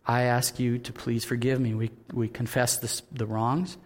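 Male pastor in the pulpit, average pitch, expressive sermon delivery with acted-out quotes. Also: moderate pace. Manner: animated storytelling, acts out quoted voices, laughs at himself; drops to a soft, quiet voice for earnest points.

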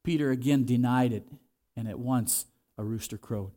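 A man's voice: mid-range voice, normal speed, warm tone. A man preaching a sermon in a conversational way, acting out the quoted voices as he goes. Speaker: pastor.

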